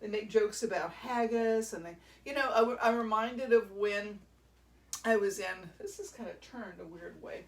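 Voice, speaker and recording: This band drummer and show host talks at a moderate pace on a relaxed livestream, her slightly high voice picked up from a distance in a roomy-sounding space. She laughs a lot and wanders through her stories.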